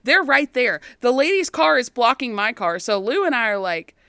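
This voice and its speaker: A woman's voice: on the high side, very animated, normal speed, bright, forceful tone, no room sound, clean studio sound. A woman in her thirties, a podcast co-host, animatedly telling a personal story and laughing often. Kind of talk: casual chat, anecdote.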